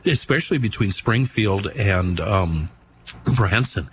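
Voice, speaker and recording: A man's voice: on the low side, lively intonation, slow, fairly bright tone, slight background noise. A man co-hosting a casual talk show, telling rambling travel stories with a wry, joking manner. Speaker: radio co-host. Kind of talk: casual chat.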